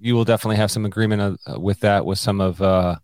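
A man with a fairly low voice hosts a sports podcast and lays out his views at a measured pace. His delivery is steady and conversational, and the close mic keeps the sound dry. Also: clear, resonant tone, dry recording. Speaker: podcast host. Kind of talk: casual podcast chat.

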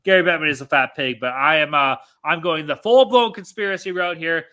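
A man's voice: fairly high pitch, fairly quick, sharp tone. A man co-hosting a sports-betting podcast, ranting in casual chat and swearing constantly. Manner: profane, ranting, exasperated. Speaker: podcast co-host.

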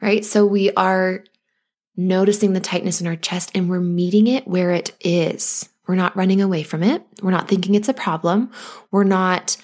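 Gentle woman coaching new mothers. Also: on the low side, steady tone. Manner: gentle, reassuring, acts out anxious thoughts in quick asides. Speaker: podcast host and postpartum coach. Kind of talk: speaking directly to listeners.

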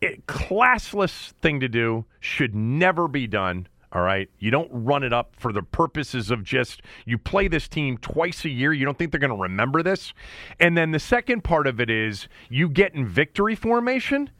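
Co-hosting a casual sports talk podcast, a man gives blunt opinions, swears freely, and keeps restarting his sentences. His mid-range voice is very animated and a bit bright at a normal speed, captured in a dry, clean studio recording.

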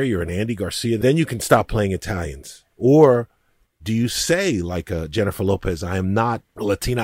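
A man co-hosting a discussion, talking in an emphatic, animated way. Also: lowish voice, slightly rough, no echo. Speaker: co-host. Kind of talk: casual discussion. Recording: dry close mic.

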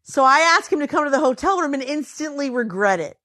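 A woman's voice: quick pace, dry recording. A tired woman telling a story in casual chat, acting out quotes with big swings in her voice. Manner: animated, acts out quotes with pitch swings.

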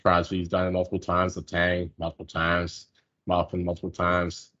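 A man's voice: deep voice, completely flat delivery, moderate pace, fairly bright tone, highs cut off. A man in casual sports betting chat, rambling loosely and swearing now and then. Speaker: sports betting podcast co-host.

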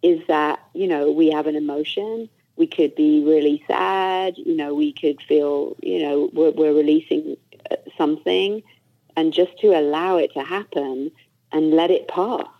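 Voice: mid-range voice, a little slow. A host reflecting back on a guest's story, searching for words with many "you know"s. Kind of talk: reflective podcast conversation. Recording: dull lo-fi recording.

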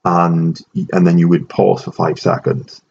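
Low gravelly-voiced man chatting. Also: flat delivery, a little slow, a little mellow. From Ireland. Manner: chatty, restarts often, explaining. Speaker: host. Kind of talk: casual podcast chat. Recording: dull low-fidelity audio with faint noise.

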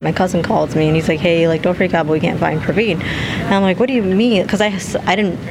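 A woman's voice: lowish voice, steady tone, gravelly, background noise. A young woman recounting a family scare in a rush of casual words, filling her talk with "like" and quoting others. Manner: rapid, full of "like", quotes others. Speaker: interviewee, victim's sister.

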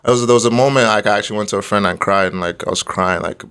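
A man's voice: on the low side, rapid-fire, few pauses, a bit bright, smooth. A young man from Nigeria, the guest, telling a story in casual chat and laughing often along the way.

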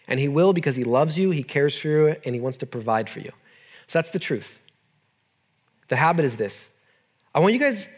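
A young man preaching a sermon in a casual, earnest way to a group in a room. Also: mid-range voice. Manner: casual, earnest, talks to listeners as "dude". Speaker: youth pastor.

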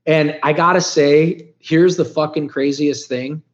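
A man's voice: on the high side, unhurried. Middle-aged male podcast guest, blunt, profane storyteller, dull muffled recording. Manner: blunt, profane and animated, swings loud and soft. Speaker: podcast guest, business founder. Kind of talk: candid storytelling.

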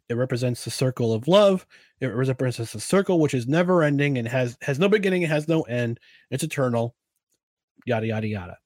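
A man's voice: a little high, no echo, studio quality. A young man hosting a podcast, chatting casually and rambling through listener questions with frequent restarts. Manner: rambling, with many restarts and laughs. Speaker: podcast host.

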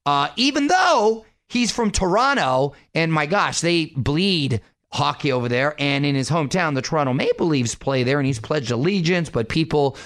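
Energetic loud-talking male radio host. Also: fairly high pitch, normal speed, no echo, clean studio sound. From Southern California. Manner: loud, energetic, self-described shouter. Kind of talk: upbeat entertainment radio chat. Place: radio studio. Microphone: studio microphone.

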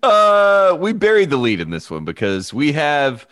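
A man's voice: fairly high pitch, wildly swooping pitch, measured pace, a bit bright, no room sound, clean studio sound. A man co-hosting a casual sports podcast, confident and playful as he talks up a player. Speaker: podcast co-host.

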